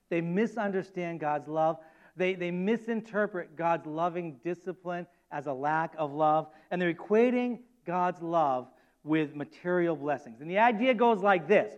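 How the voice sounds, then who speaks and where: High-voiced pastor preaching a sermon. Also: male voice, dull audio. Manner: animated, acts out quoted voices with rising emphasis.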